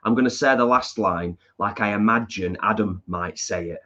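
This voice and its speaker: A man's voice: on the low side, moderate pace, few pauses, bright, forceful tone, muffled recording. A man with a northern English accent co-hosting a casual live stream from his lounge, reading viewer comments aloud and answering them. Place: home lounge.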